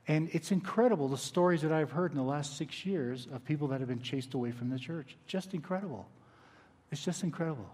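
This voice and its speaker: A male pastor with a slightly higher voice delivers a sermon in an easy, conversational way, often sinking to a quiet, intent hush to drive a point home. His voice carries a long reverb tail, as if from a large church hall. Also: fairly quick, breathy edge. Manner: conversational, dynamic preaching with quiet emphatic drops. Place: church sanctuary.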